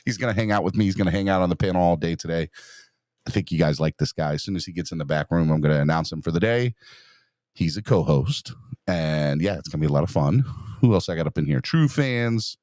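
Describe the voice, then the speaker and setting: Upbeat male podcast host, deep voice with lots of swing, reading out chat names. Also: lively intonation, quick pace, darkish tone, no echo, clean studio sound. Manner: upbeat, greets chat viewers by name. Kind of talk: casual live-stream chat.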